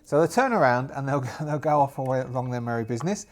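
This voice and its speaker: A man's voice: medium pitch, lively intonation, quick pace. A man narrating a solo tabletop game in a rambling, self-amused way, restarting often.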